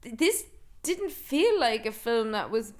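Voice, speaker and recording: A woman's voice: on the high side, very animated. An Irish woman co-hosting a podcast, chatting casually and with strong opinions about a film. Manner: talkative, opinionated, quick asides. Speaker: podcast co-host. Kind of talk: casual film review chat.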